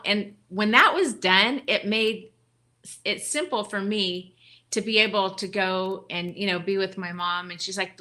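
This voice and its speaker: A woman who leads a ministry appears as a podcast guest, sharing a heartfelt personal story in a mid-range, pushed, bright voice at a slightly slow pace. She's emotional and grateful, rambling and restarting her sentences.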